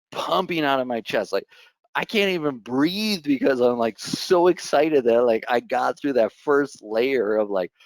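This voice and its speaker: A young man telling a story at a conference talk, lively, laughing often and saying "like" constantly. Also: medium pitch, no echo. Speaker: conference speaker.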